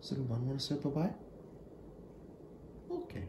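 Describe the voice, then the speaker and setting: A man's voice: mid-range voice, sing-song, normal speed, noisy background. A man talking to his cat at home in a doting baby-talk voice. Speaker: pet vlogger. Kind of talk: casual talk to a pet cat.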